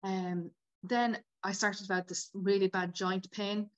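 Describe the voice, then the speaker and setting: A woman's voice: mid-range voice, unhurried. Woman in her fifties telling a story. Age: 50s. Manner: animated, acts out quoted dialogue. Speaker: guest. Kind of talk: casual storytelling.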